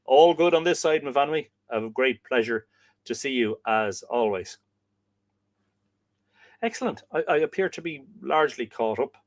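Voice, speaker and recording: A man's voice: medium pitch, expressive, unhurried, long pauses, no room sound, studio quality. An Irish man hosting a casual livestream, reading out viewer comments and chatting back to them. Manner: chatty, reads out comments and answers them warmly. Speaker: livestream host.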